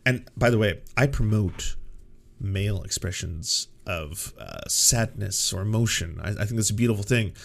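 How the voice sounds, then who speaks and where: A man's voice: on the low side, normal speed, vocal fry. A man hosting a show, talking in casual, sarcastic and profane commentary and acting out quotes in mocking voices. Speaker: show host.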